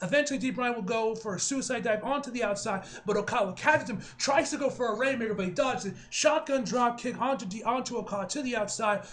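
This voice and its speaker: A young man giving an excitable, slangy wrestling review, laughing and swearing often. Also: very high voice, fast talker, hardly any pauses. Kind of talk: casual video review.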